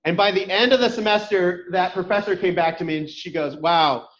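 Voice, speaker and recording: A boisterous, loud man instructor giving an online workshop talk, mixing lessons with personal stories. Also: high-pitched, a little fast. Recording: echoey room, dull lo-fi sound.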